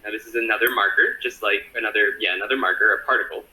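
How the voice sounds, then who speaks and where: A man explaining a textbook lesson in a lively, upbeat way, heard in a clip played from a video. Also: fairly low pitch, racing, poor audio. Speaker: online Japanese tutor.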